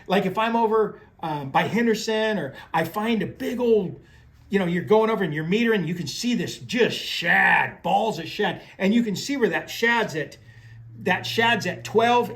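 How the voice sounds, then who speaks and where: A man's voice: high-pitched, fairly bright tone. A man talking casually about fishing and telling stories as a former guide, rambling with restarts and folksy phrasing. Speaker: fishing guide and tackle presenter. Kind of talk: casual talk on crappie fishing.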